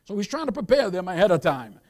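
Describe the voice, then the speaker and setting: Male pastor, sermon, high voice, emphatic rises and quick asides. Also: sing-song, darkish tone.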